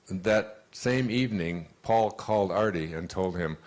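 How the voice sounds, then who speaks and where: Low-voiced man telling motivational stories. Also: moderate pace, few pauses. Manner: animated storyteller, acts out quoted voices, frequent restarts. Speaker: motivational speaker. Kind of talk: motivational talk with personal stories.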